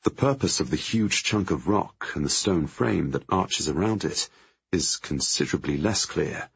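A man narrating a novel in the first person, with measured and tense storytelling. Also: sits low, expressive, vocal fry, slightly rough, lo-fi sound. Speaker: audiobook narrator.

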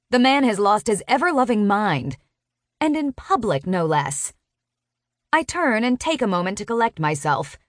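Expressive woman narrating a romance audiobook. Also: on the high side, no echo, studio quality. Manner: expressive, sharp-tongued storytelling.

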